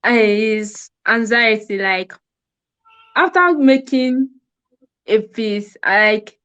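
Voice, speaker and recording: A woman's voice: fairly high pitch, drawn-out words, fairly bright tone, smooth, muffled recording. A woman with a Nigerian accent answering interview questions hesitantly, with many fillers, over a video call. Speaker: guest, fashion designer.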